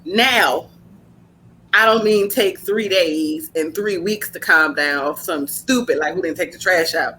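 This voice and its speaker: A woman hosting a casual podcast chat, telling blunt, animated stories laced with slang. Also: on the low side, measured pace, slight background noise. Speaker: podcast host.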